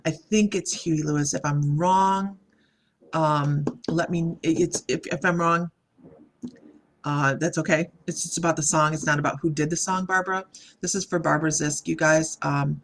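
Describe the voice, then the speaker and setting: A woman doing a live psychic reading, speaking in a halting, meandering way and greeting viewers by name as she reads their comments. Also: low-pitched, steady tone. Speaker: psychic medium.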